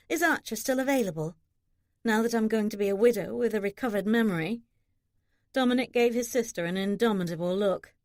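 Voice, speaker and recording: A woman's voice: no room sound, studio quality. A woman narrating a historical romance audiobook, giving characters light shifts in voice. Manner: expressive, shifts pitch for characters.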